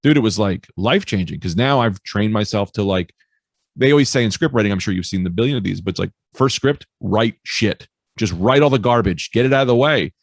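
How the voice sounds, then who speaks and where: Low rough-voiced comedian guy, cursing, telling stories, dry mic. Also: brisk, no room sound. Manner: animated storyteller, swears freely, acts out quoted voices. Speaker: stand-up comedian, podcast guest. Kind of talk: casual interview chat.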